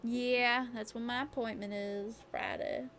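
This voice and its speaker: A woman's voice: fairly high pitch, fairly even intonation, a little slow, fairly bright tone, faint music behind. A young woman streaming a casual late-night chat, rambling and chatty, peppering her talk with "like" and the odd swear word. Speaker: VTuber streamer.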